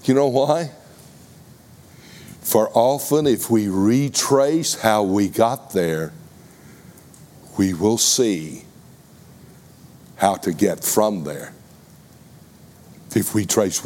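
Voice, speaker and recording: Slow, deliberate male preacher. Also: fairly low pitch, expressive, darkish tone. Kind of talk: sermon. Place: congregation room.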